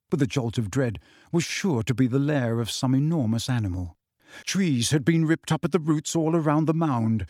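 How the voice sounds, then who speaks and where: Guy reading an audiobook, slightly high voice, steady and measured, dry close mic. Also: no room sound. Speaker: audiobook narrator. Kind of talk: scripted audiobook narration.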